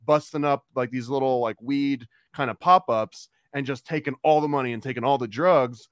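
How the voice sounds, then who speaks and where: A man's voice: medium pitch, no room sound, studio quality. A man from the United States hosting a casual podcast, rambling along with lots of filler words. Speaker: podcast host.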